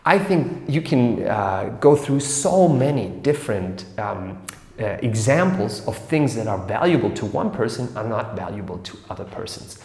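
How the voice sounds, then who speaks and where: A man hosting an educational series, explaining ideas in a casual, animated way and acting out little scenes in different voices. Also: medium pitch, normal speed, gravelly. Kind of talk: casual explainer talk to camera. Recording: echoey room with long reverb.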